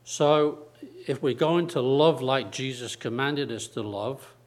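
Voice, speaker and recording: A male preacher delivering a sermon at an unhurried pace, leaning on repetition and long pauses between phrases. His voice sits at an ordinary middle pitch. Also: a little mellow. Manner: slow, deliberate preaching with repeated phrases and dramatic pauses.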